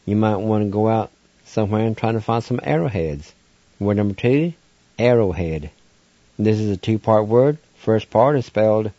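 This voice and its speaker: A man hosts a radio language lesson, spelling each word letter by letter before sounding it out in syllables. His voice is low and mellow, and he moves along at an unhurried pace. The recording is dry and dull, like lo-fi broadcast audio. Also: expressive, dry recording. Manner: spells words out letter by letter, then sounds them out. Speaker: radio host teaching vocabulary.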